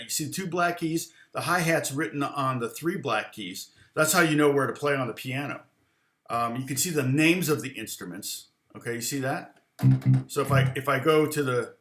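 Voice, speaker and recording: A man teaching guitar in a loose, chatty live online lesson, counting and humming rhythms aloud as he goes. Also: mid-range voice. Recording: roomy sound with loud guitar and backing music.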